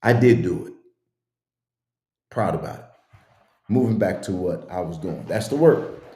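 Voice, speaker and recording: A man's voice: low-pitched, animated, measured pace, a little mellow, roomy sound. A man giving blunt, sarcastic commentary in a video.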